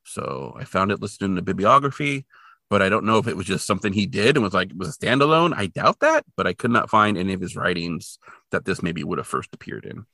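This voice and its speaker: Lively chatty man with gravelly voice. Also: low voice, fast talker, no room sound, studio quality. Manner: chatty, rambling, animated asides. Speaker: podcast co-host. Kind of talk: casual chat.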